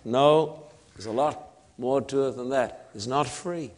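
A man with an Australian accent preaching a sermon, emphatic and repetitive, with long pauses between phrases. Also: mid-range voice.

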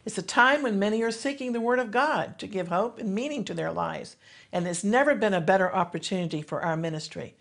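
A woman's voice: mid-range voice, a little fast, vocal fry. Earnest woman ministry host exhorting viewers. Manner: earnest, exhorting, with emphatic rises. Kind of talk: devotional teaching to camera.

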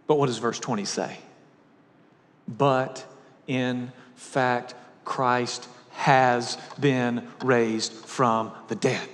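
A man preaching a sermon, swinging between loud emphatic peaks and hushed, low lines. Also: fairly even intonation, extremely slow, big-room sound. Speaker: pastor. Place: church sanctuary.

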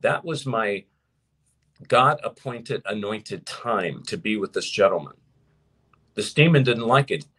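A preacher hosting a live show gives sermon-style teaching to his audience in a husky, fairly low voice. He's animated and emphatic, slowing down to stress key points.

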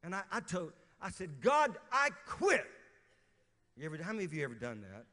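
A man's voice: on the high side, very animated, very fast, fairly bright tone. A middle-aged pastor from Louisiana preaching a sermon and quizzing his congregation as he reads scripture. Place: church sanctuary. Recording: reverberant church hall.

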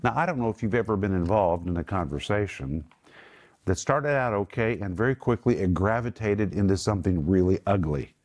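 A man leads a Bible teaching in a small group, his voice sitting a little low. He speaks emphatically and breaks each word down one at a time. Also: animated, fairly quick, darkish tone. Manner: emphatic, explains words one by one.

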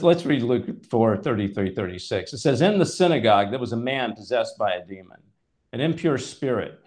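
A man's voice: on the low side, vocal fry, darkish tone. A man hosting a conversational Bible teaching, emphatic and at times exasperated as he reads scripture aloud. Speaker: host and preacher.

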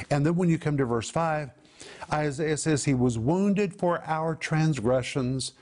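Guy with a bit of a higher voice doing emphatic bible teaching, breaking down greek words. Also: a little mellow.

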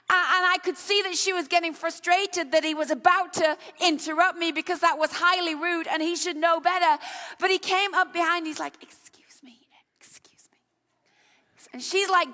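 A woman preacher delivering an impassioned sermon that builds to shouts, in a church hall. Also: very high-pitched. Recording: long reverb of a large hall.

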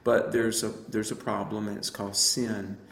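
A man's voice: on the low side, little pitch movement, normal speed, roomy sound. A man who is an evangelist, telling his personal faith story in an earnest, reflective way with frequent fillers. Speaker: evangelist and apologist guest. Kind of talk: personal testimony in a radio interview.

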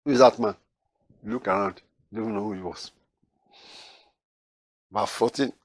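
A man preaching verse by verse through a Bible passage, acting out the people in the story and growing loud on key lines. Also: fairly low pitch, unhurried, no room sound. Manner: animated, acts out quoted voices with rising loudness. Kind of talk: Bible teaching.

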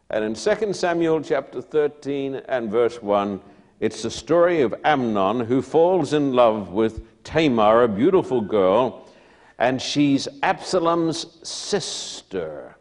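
A man preaching a sermon, retelling a Bible story dramatically, dropping to a hush and then rising loud again. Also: medium pitch, sing-song, slow pace.

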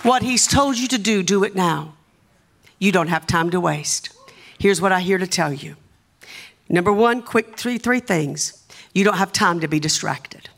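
Impassioned Southern woman preaching a sermon. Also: on the low side. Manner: impassioned, building to shouts, urging the crowd. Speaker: guest preacher. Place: church sanctuary.

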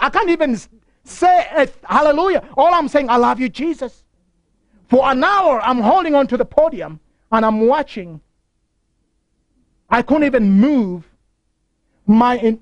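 In a broadcast sermon, a man with a very high-pitched voice and no echo tells stories impassionedly. He keeps coming back to key phrases, repeating them as he preaches.

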